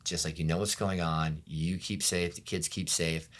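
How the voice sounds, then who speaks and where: A man with a very deep, low voice, speaking as a pastor in a sit-down interview. He tells his story candidly and softly, often trailing into a murmur, and briefly acts out what others said to him. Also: level tone, moderate pace. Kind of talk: personal testimony interview.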